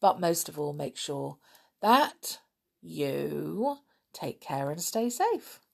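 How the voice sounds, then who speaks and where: A woman reading a children's book aloud, then chatting in a gently enthusiastic way to her listeners. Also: deep voice, big pitch swings, slow pace, gravelly, breathy edge. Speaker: storybook reader.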